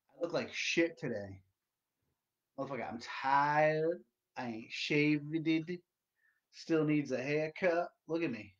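Guy yelling and cussing on his home livestream, kinda high voice, muffled lo-fi sound. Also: slow, long pauses. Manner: loud, profane, rambling, sings along to music. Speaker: livestream host. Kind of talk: casual solo livestream chat. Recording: dull lo-fi stream audio.

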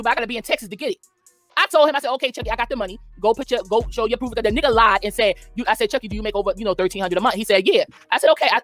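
A woman telling a story fast and angrily, swearing freely as she recounts events in casual chat. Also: fairly high pitch, a bit bright, no echo. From Philadelphia. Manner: profane, rapid, indignant. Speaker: guest.

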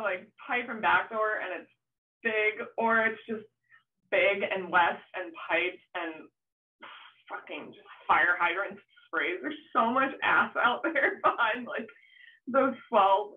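A young adult woman, a surf photographer, telling a story in a casual interview. She is animated, laughs often and acts out her own past shouts. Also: mid-range voice, measured pace, recorded from a distance. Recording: tinny phone-like line, off-mic.

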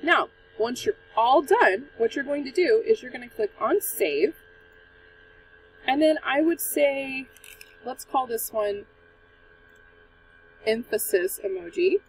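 High bouncy woman teacher, encouraging kids through a screen tutorial, slight hiss. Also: expressive, slow, pauses often, far from the mic, rough recording. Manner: patient, encouraging, step-by-step. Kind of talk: screen-recorded tutorial for children.

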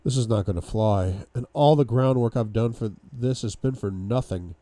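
A man's voice: medium pitch, moderate pace, mellow, no echo. A man reading a novel aloud for a book club, giving a dramatic first-person reading with sudden outbursts.

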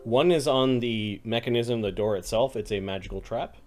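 A man's voice: medium pitch, moderate pace, darkish tone, soft background music. A man narrating as game master of a tabletop game, describing scenes in a casual, descriptive way.

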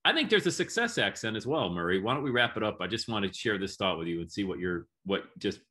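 An upbeat man hosts a casual podcast interview, chatting warmly with his guest. His tone is bright and forceful, pitched a little low, and he keeps the talk moving in an encouraging way. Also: very animated, quick pace. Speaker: podcast host.

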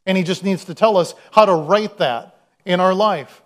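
A man with a notably high-pitched voice preaches a sermon. He talks in a loose, conversational way, tells stories and throws questions out to the congregation. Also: moderate pace. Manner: conversational, storytelling, acts out quoted voices. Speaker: pastor.

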